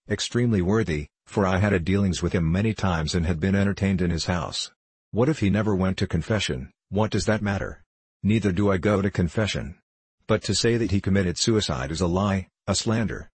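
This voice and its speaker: A man's voice: sits low, breathy edge, no room sound. A man reading the part of a stern old army lieutenant who speaks in a commanding, threatening way.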